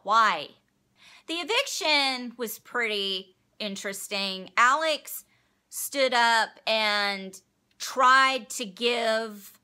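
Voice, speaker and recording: Recapping a reality show on her casual vlog, the young host swears freely and sounds sarcastic and fed up. Her voice sits on the high side, pushed and bright.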